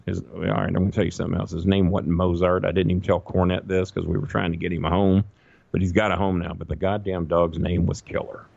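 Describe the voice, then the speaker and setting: A man telling a long, profane, animated story in a casual podcast chat. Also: low-pitched, fast talker, vocal fry, dry recording, dull audio. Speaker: guest storyteller.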